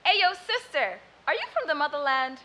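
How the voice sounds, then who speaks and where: A man's voice: very high-pitched, big pitch swings, normal speed, pushed and bright, heavily acted. A woman doing a cocky street flirt guy. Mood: flirty. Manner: slangy, swaggering. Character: brash street flirt man, smooth-talking and cocky.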